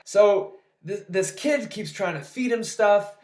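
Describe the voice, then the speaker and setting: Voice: mid-range voice, slow pace, darkish tone, echoey room. A movie reviewer recapping a film in a casual, sarcastic, exasperated rant with plenty of swearing.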